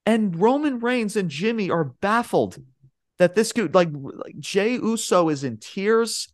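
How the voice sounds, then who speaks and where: Male podcast co-host, hyped rambling recapper, swears a lot, slightly high voice. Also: unhurried, dry recording, clean studio sound. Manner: excitable, swears often, says "bro" and "man"; rambling play-by-play retelling. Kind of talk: casual chat.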